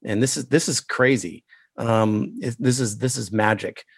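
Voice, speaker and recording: A man with a rough voice today, talking casually and haltingly about computer graphics lighting, with many pauses and fillers. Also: medium pitch, no echo. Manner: halting, many ums, shares screen. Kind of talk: casual technical chat.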